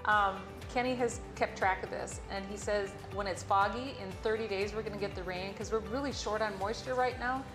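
A woman's voice: mid-range voice, brisk, few pauses, over music. A woman hosting a casual chat in a folksy way, wrapping up the show. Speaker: host.

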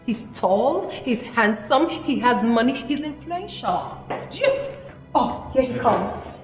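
A woman acting out a haughty girlfriend in a skit, high and lively in tone. She talks down to people and hurries her man along. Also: slow pace, faint music behind. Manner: haughty, impatient. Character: snobbish young girlfriend.

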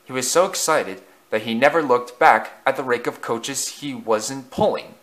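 A man's voice: mid-range voice, moderate pace, a bit bright. A man narrating a storybook as an amateur reader, with frequent slips and self-corrections.

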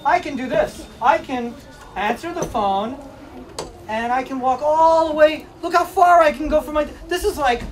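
A man's voice: very high voice, moderate pace, recorded from a distance, a little hiss or hum. A man running a playful, teasing demonstration for a class of children, joking and laughing often. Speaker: museum presenter. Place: school room with children.

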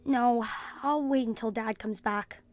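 A woman voicing an earnest, hardworking young boy in a read-aloud storybook, speaking softly. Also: fairly high pitch, fairly even intonation, a little slow, natural voice. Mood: grumbling.

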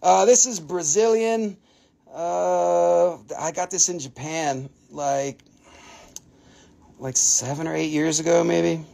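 A man hosting a live crystal sales stream, chatting casually and excitably in non-native English, swearing freely and laughing often. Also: sits high, unhurried, vocal fry.

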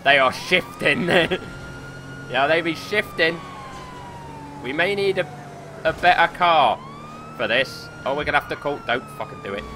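A man with a British accent commentating on his gameplay, excitable, swearing a lot and laughing often. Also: fairly high pitch, measured pace, long pauses, background noise. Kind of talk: casual let's play commentary.

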